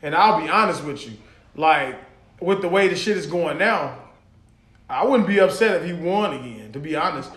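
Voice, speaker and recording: A man's voice: fairly high pitch, expressive, normal speed, fairly bright tone. A young man co-hosting a podcast, chatting loosely with lots of cursing and laughter. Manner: loose, profane, laughing banter. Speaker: podcast co-host. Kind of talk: casual chat. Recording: echoey room.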